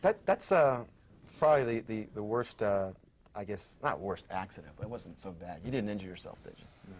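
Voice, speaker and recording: A man hosting a casual panel talk show, speaking haltingly with many fillers and restarts. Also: lowish voice, lively intonation.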